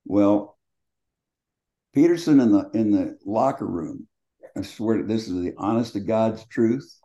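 An older man in his seventies speaks with a low, warm, mellow voice. He tells colorful, salty stories from his playing days as an interview guest. The sound is dull and lo-fi. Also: a little slow. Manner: colorful, profane, laughing anecdotes. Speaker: guest, former quarterback. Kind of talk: storytelling in casual conversation.

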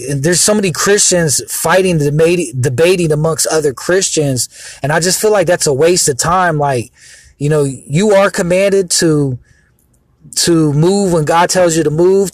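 A man's voice: fairly high pitch, dry recording. A young man giving an earnest, rambling casual sermon about faith, full of fillers. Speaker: Christian speaker. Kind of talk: casual preaching monologue.

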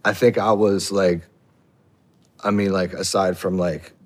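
A man's voice: sits low, little pitch movement, unhurried, a little mellow. A man interviewed in a played clip, answering in a laid-back, vague way. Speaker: interview guest.

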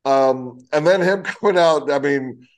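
A man's voice: fairly high pitch, a little slow. Laid-back man joking about wrestling. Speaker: podcast co-host. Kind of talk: casual wrestling chat.

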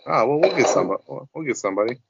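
A man's voice: mid-range voice, expressive, rapid-fire, creaky, dull audio, background noise. A man hosting a casual racing podcast, joking and laughing through laid-back banter. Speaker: podcast host.

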